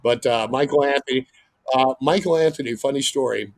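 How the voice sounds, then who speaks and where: A middle-aged man, a radio host, telling an animated story as a guest and breaking into loud acted-out exclamations. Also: medium pitch, brisk, creaky.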